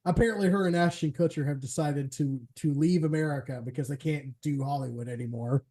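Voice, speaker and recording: A man's voice: a little high, fairly quick, mellow. A man hosting a live stream, chatting casually and rambling, swearing freely and laughing often. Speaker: streamer host.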